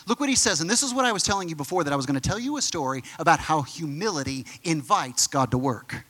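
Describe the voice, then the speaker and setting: A pastor preaching a sermon emphatically, moving from excited bursts to hushed, quiet lines. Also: male voice, a little high, fast, in a large hall.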